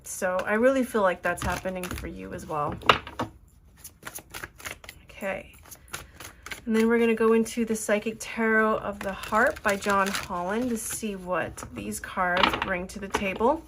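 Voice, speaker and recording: A woman's voice: medium pitch, steady tone, measured pace, heavy background noise. A woman giving an earnest, emotional tarot reading, rambling with fillers as she talks to her viewers. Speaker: tarot reader.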